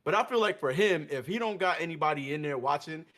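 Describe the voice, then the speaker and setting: High, lively man in animated gaming chat. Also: fast. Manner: animated, swearing, laughs a lot, acts out quotes. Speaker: podcast guest.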